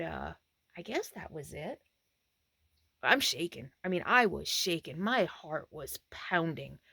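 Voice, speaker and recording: A woman's voice: low voice, gravelly, fairly bright tone. A woman RV vlogger tells a story from inside her camper, her voice rising and falling animatedly. She acts out the quotes as she goes. The sound is dry and close, with no room echo. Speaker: RV travel vlogger. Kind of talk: storytelling to camera.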